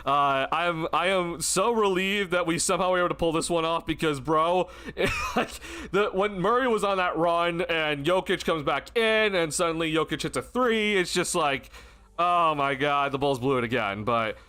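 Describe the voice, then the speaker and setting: Excitable high-voiced young man ranting. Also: smooth. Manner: excitable, swearing, many fillers and laughs. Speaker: sports stream host. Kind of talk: casual postgame rant.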